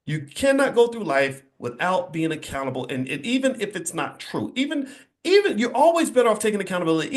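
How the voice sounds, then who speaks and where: A man gives an emphatic, preachy motivational talk to an audience indoors. His voice sits a little higher than most men's, and he hammers his points home by repeating them. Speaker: finance speaker. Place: indoor event space before an audience.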